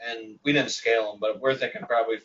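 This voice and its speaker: A man's voice: medium pitch, steady tone, fast, fairly bright tone. A man hosting a live stream in casual chat, easygoing and laughing along with his guest. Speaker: livestream host. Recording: distant, dull livestream audio.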